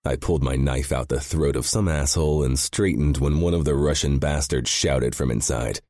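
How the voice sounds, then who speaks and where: A man's voice: rumbling low, normal speed, mellow, dry recording, studio quality. A man narrating a first-person audiobook with a grim, intense delivery.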